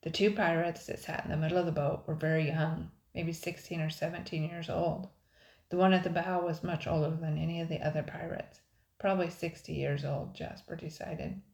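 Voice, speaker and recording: An older woman, a grandmother, reading a children's adventure book aloud in a measured, expressive way. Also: sits low, gravelly. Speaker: storybook reader. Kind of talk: children's audiobook narration. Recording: roomy echo.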